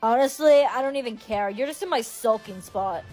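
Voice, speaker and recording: A woman voicing an awkward teenage schoolboy with blunt, quick comebacks in a comedy skit. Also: a little high, darkish tone, soft background music, natural voice. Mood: moody.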